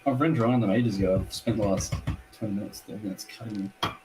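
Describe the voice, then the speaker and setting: A man's voice: on the low side, fairly even intonation, fast talker, mellow, recorded from a distance, a little hiss or hum, rough recording. A man chatting on a hobby livestream as a guest, laid-back and laughing often, using local slang. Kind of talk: casual livestream chat.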